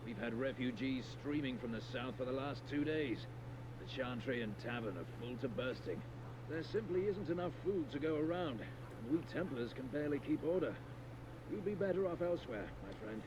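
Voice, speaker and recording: A man's voice: medium pitch, animated, normal speed, noisy background, natural voice. A man voicing a grim, weary templar guard. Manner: grim, blunt warnings. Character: weary male templar guarding a besieged village. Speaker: templar guard in a fantasy game. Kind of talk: video game voice acting.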